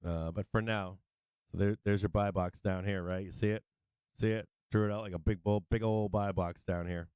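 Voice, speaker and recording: A middle-aged man with a low, smooth and resonant voice gives loose live commentary on trading charts. He laughs a lot and swears freely. The sound is dry and close to the mic. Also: steady tone, moderate pace, darkish tone, dry recording, dull audio. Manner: laughing, sing-song chanting, swears freely. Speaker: stock market livestream host.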